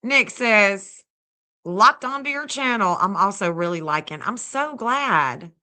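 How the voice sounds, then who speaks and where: A woman's voice: mid-range voice, animated, slow, sharp tone. Gushing woman thanking stream viewers. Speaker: livestream host and astrologer. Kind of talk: casual livestream chat.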